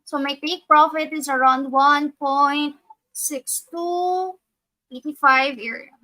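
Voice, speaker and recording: A woman guides viewers through a trading chart in a high, bright voice. She talks slowly and methodically, thinking aloud and correcting herself as she goes. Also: fairly even intonation, rough recording. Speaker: trading educator. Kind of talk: live trading walkthrough.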